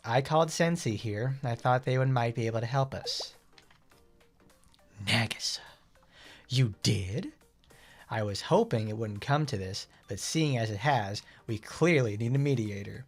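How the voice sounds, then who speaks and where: A man's voice: medium pitch, animated, unhurried, soft background music. A man reading the lines of an earnest, worried teenage schoolgirl leader from a game story, in a pleading way.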